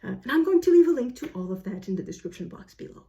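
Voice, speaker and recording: A woman's voice: a little high, very animated, warm tone. Chatty, rambling woman book vlogger. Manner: rambling and self-correcting, with frequent fillers and quick asides. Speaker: book video host. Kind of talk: casual chatty vlog talk.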